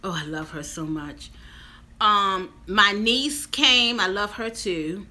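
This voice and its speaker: Bright-voiced chatty woman in her fifties. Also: mid-range voice, slow pace. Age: 50s. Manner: chatty, addresses viewers directly. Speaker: vlogger. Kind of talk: casual storytelling vlog.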